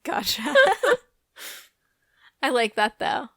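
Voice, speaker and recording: A young woman with a fairly high voice co-hosts a relaxed movie podcast. She retells scenes playfully, with lots of fillers. The recording is close and dry. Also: takes it slowly, no echo. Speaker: podcast co-host. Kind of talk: casual movie chat.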